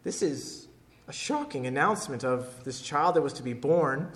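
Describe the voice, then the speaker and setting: A man's voice: medium pitch, expressive, moderate pace, a bit bright. A man preaching a sermon, emphatic and repeating key phrases for weight. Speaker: pastor.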